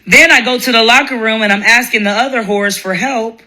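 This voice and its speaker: A woman hosting a live stream, telling a profane story in a blunt, animated way and laughing often. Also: a little high, brisk.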